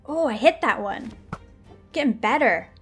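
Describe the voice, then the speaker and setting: A young woman giving chatty, excitable commentary while playing a video game, often laughing. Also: fairly high pitch, a little slow, music in the background. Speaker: gaming video creator. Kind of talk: live gameplay commentary.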